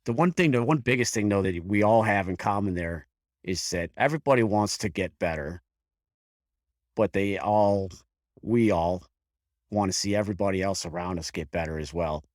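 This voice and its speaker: A man in his fifties from the Buffalo area, talking frankly about his own experience as a firefighter. His voice sits very low, and he speaks haltingly, often restarting a sentence. The sound is dry and close, with no room echo. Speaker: guest, career firefighter. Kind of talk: candid personal storytelling in an interview.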